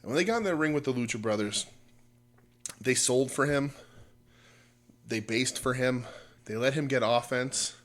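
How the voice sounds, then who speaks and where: A man's voice: mid-range voice, moderate pace, pauses often, a bit bright. A man co-hosting a wrestling podcast, chatting casually and rambling with lots of fillers and restarts. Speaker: podcast co-host.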